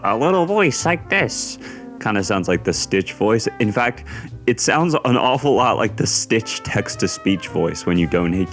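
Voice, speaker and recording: Male narrator for a commentary video, low-pitched, wry storytelling over soft music.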